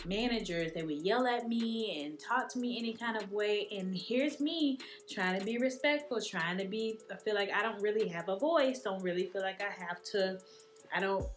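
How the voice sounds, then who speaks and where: A woman's voice: medium pitch, moderate pace. A young woman tells a candid personal story, laughing often and slipping into playful voices. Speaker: vlogger.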